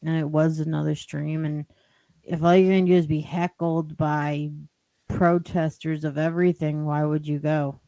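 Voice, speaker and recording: A woman's voice: deep voice, little pitch movement, moderate pace, mellow, dry recording. A woman telling a rambling story as a podcast guest, with lots of "like" and "you know". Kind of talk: casual storytelling.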